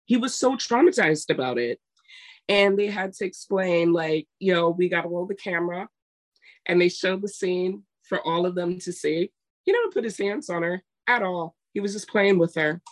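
A woman's voice: on the low side, expressive, moderate pace. Emphatic woman co-hosting a chat. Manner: emphatic, retells scenes with quoted voices. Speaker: podcast co-host. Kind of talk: casual chat, storytelling.

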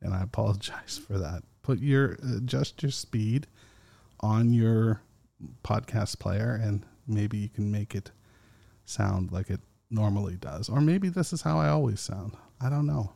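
A man hosting a casual solo podcast, talking slowly and rambling with fillers and chuckles. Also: lowish voice, vocal fry, warm tone, dry recording. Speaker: podcast host.

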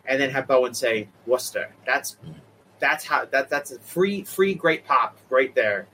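Man, Boston accent, bright forceful voice, animated, opinionated, faint hiss. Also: medium pitch, moderate pace, poor audio. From Boston area. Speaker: podcast co-host. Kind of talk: casual wrestling news chat.

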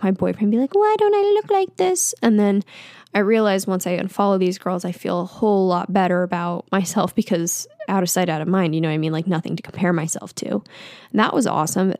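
A woman's voice: mid-range voice, vocal fry, darkish tone, dry recording, clean studio sound. A woman in her twenties hosting a casual solo podcast, talking candidly and self-deprecatingly with lots of fillers. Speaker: podcast host. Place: home. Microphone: podcast microphone.

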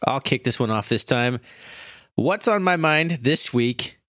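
A young adult man co-hosting a podcast in casual chat, relaxed and joking, often laughing. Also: medium pitch, a little slow, dry recording, clean studio sound. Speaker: podcast co-host.

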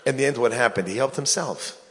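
A man's voice: mid-range voice, quick pace. A man, a rabbi, giving a sermon and telling stories with joking asides. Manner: animated storyteller, joking asides. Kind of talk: sermon with storytelling. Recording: long hall reverb.

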